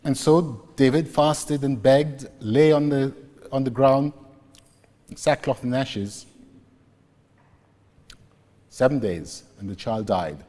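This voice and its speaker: Slow-spoken preacher in an echoing hall. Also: male voice, mid-range voice, dark tone. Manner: slow, deliberate retelling of scripture scenes. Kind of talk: sermon. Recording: long reverb, echoey hall.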